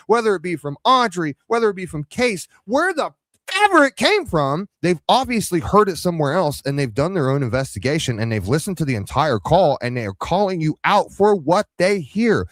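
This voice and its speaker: Brief: male live-stream commentator, sarcastic and scolding, very animated pitch, dry recording. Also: fairly quick, few pauses, no room sound. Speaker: commentary channel host. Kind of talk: heated live reaction commentary.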